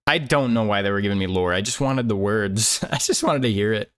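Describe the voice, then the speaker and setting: Lowish guy streamer rambling casually as he draws, laughs a lot. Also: a little fast, fairly bright tone. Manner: rambling, chuckling, searches for words aloud. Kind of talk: casual chat while drawing.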